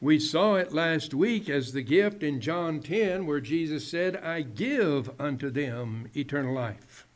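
A man preaching a sermon in a measured way, dropping low and soft at the ends of phrases. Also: animated.

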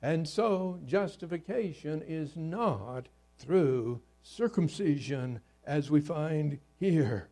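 High-voiced man preaching a slow sermon. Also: expressive, warm tone. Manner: earnest preaching with scripture readings, occasional halting restarts.

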